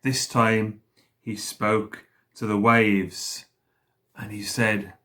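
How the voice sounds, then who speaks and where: A man leading school worship, slowly retelling a story for children and pausing to ask them questions. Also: on the low side, level tone, pushed and bright.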